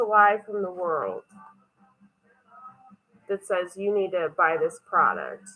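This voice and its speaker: A woman's voice: lowish voice, very animated, slow pace, long pauses, pushed and bright, a little hiss or hum, low-quality recording. A woman rambling and swearing freely in a casual home vlog, walking around a cluttered house as she films on her phone. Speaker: vlogger.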